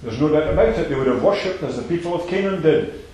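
A man preaching a sermon, emphatic and repetitive, swinging between loud declarations and soft asides. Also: on the high side, animated, fast. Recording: very echoey hall.

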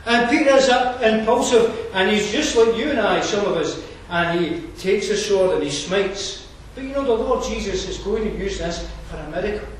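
A man preaches in a high-pitched voice, earnest and chatty, with asides and fillers. He is picked up from a distance in a church hall. Strong echo rings around him, with faint noise underneath. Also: normal speed, hardly any pauses. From Scotland. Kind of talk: sermon. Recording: roomy distant hall mic.

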